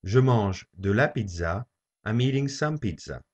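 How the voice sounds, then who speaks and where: A man teaching a French lesson, saying each phrase slowly and repeating it for learners to copy. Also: lowish voice, lively intonation, darkish tone. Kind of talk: slow language lesson. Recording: dull lo-fi recording.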